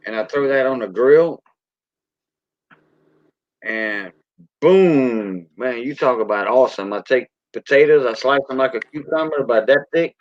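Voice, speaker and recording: A man's voice: mid-range voice, lively intonation, measured pace, dry recording. A man with a Cajun accent hosting a casual livestream, rambling in a folksy way and greeting viewers by name. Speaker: livestream host. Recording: dull lo-fi dry sound.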